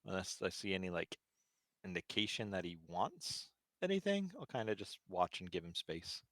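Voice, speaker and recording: Deep-voiced, hesitant man playing a character. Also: expressive, moderate pace, a bit bright, dry recording, studio quality. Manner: hesitant, with many fillers. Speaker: player. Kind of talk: casual tabletop role-play.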